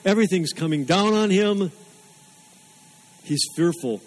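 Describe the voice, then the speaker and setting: A man's voice: high voice, measured pace, darkish tone, rough recording. A man preaching a sermon, earnest and emphatic, repeating phrases for weight. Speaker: pastor.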